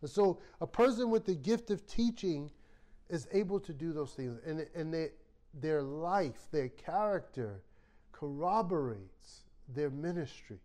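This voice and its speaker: A man preaching a sermon as a Bible study teacher, telling stories with lively acted-out quotes. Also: a little high, a little slow. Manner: animated storytelling, acts out quoted voices. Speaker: pastor.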